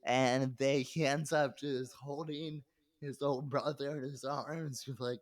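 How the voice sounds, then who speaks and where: Taking it slowly with fairly even intonation, a young adult male comedian speaks at a medium pitch with no echo. As a podcast guest he rambles through a story, loose and profane, laughing mid-sentence.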